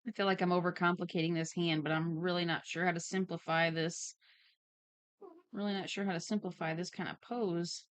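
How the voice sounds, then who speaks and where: A woman's voice: lowish voice, steady tone, brisk, dry recording. Giggly woman streamer reading chat aloud. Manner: giggly, reads chat messages aloud playfully. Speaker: streamer and digital artist. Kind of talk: casual livestream chat while drawing.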